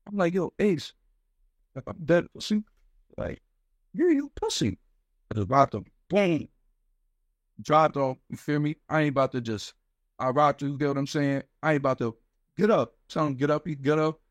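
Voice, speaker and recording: A young man from New York talks in a slightly high voice, telling his story in a loose, slangy way. He acts out other people's lines as he goes and keeps checking in with the listener. The sound is close and dry, like a small studio mic. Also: normal speed, pauses often, no echo. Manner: animated, slangy, acts out quoted voices, repeats "you get what I'm saying". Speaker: rapper guest. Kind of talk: casual interview storytelling. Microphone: studio microphone.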